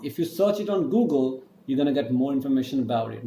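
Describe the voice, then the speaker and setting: A man's voice: mid-range voice, normal speed, few pauses, a little mellow, slight background noise. A man teaching an online French lesson, spelling words letter by letter and drawing out each pronunciation. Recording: echoey room with faint ambience.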